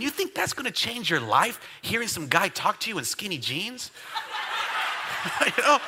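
A man who is a pastor, preaching a sermon in an animated, joking way and calling for responses from the congregation. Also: a little high, noisy background.

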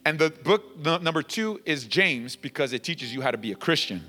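Male pastor, sermon, emphatic, repeats himself, slightly high voice, long church-hall reverb. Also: animated, moderate pace, soft background music. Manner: emphatic, repeats lines, rising to near-shouting. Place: church sanctuary.

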